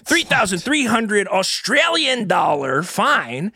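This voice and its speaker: A man co-hosting a comedy podcast, reading mock news with animated, mock-earnest anchor delivery. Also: sits high, takes it slowly, slightly rough, no echo, clean studio sound. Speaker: podcast co-host.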